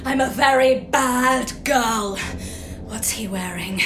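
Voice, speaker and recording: A woman playing a possessed wife, shrill and wild. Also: takes it slowly, fairly bright tone, reverberant, a little hiss or hum. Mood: demonic. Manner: shrieking, wild shifts into growls. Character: possessed wife, panicky then lewd demonic.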